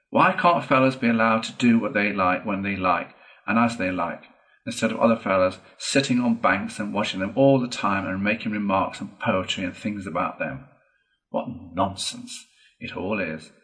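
Cheerful male water rat, brisk and chatty, read by a man with a lowish voice. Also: a bit bright, natural voice, poor audio.

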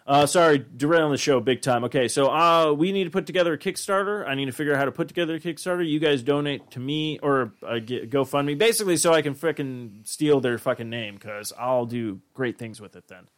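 A man's voice: a little high, a little fast, few pauses. A man co-hosting a casual podcast chat, ranting and swearing freely. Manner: profane, ranting, animated. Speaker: podcast co-host.

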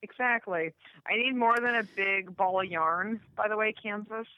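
Blunt, bright-voiced woman cohost. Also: mid-range voice, moderate pace, dry recording, muffled recording. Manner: blunt, emphatic, swears freely. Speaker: podcast co-host. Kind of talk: casual chat.

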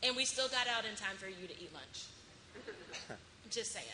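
A woman's voice: mid-range voice, animated, a little slow, bright, forceful tone. A woman pastor hosting a question and answer time in church, playful and joking about herself. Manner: playful, laughing, self-deprecating. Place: church sanctuary. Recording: echoey room with background noise.

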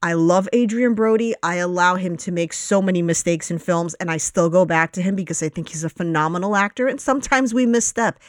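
A woman's voice: fairly low pitch, brisk, hardly any pauses, no room sound, studio quality. A woman co-hosting a casual film review podcast, blunt and opinionated, with the odd swear. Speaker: podcast co-host.

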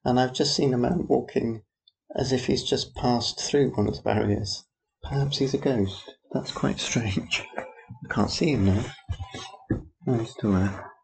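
A man's voice: mid-range voice, unhurried, gravelly, long pauses, a little mellow, slight background noise. A man rambling through a personal audio diary, making dry, wry asides about passers-by. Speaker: theatre worker.

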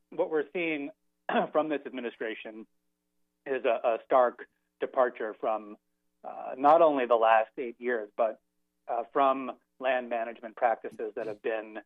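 A man explains things in a measured, hesitant way as a guest on a radio show. He is heard over a narrow, tinny phone line with a dry sound. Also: mid-range voice, no echo. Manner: measured, hesitant with many fillers. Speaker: guest journalist.

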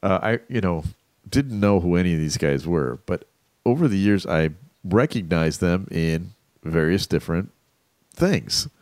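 Low-voiced joking man. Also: expressive, a little slow, a little mellow, no room sound. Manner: laid-back, joking, trailing off. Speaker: podcast co-host. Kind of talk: casual chat.

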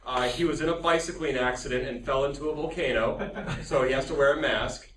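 A man's voice: mid-range voice, brisk, a bit bright. A man presenting to a live audience in a loose, joking way, chuckling between lines. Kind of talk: casual talk to a live audience. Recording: echoey hall from far off, faint noise.

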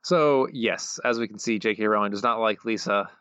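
A man's voice: on the low side, moderate pace, fairly bright tone, clear, resonant tone, dry recording. A man co-hosting a podcast, loosely recapping plot with many fillers. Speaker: podcast co-host. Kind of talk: casual chat. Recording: dull, dry podcast mic.

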